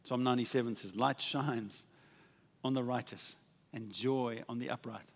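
A man preaching a sermon with passion, swinging from soft, quiet asides to loud, ringing declarations. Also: medium pitch, steady tone, moderate pace, gravelly. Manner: impassioned, rising to exclamations then dropping to soft asides. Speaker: pastor. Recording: long reverb of a large hall.

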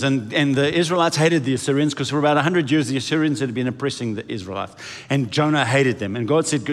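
Male pastor mid-sermon, lively and dramatic delivery acting out quotes, recorded with long church reverb. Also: quick pace. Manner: animated, acts out quoted voices, lively swings in pitch and volume. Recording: echoey hall reverb.

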